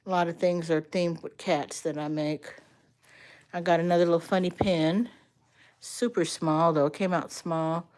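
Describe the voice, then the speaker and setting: Speaking at a normal speed in a lowish voice, this grandmother and art teacher livestreams in a relaxed way. She greets viewers by name and recounts stories energetically.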